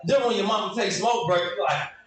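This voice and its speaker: A man doing a stand-up set, animated and shouting, leaping into high voices, in an echoey room heard from off mic. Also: fairly quick, distant mic. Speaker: stand-up comedian.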